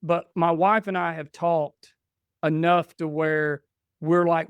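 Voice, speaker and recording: Smooth-voiced man telling family stories. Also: fairly high pitch, takes it slowly, no echo, highs cut off. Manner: animated, acts out dialogue in stories. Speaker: podcast guest. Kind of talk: casual storytelling chat.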